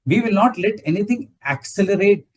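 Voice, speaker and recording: Husky man explaining from a distance. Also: sits high, lively intonation, a little fast. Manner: explanatory, ends points with "right?". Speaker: satsang speaker. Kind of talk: conversational spiritual talk.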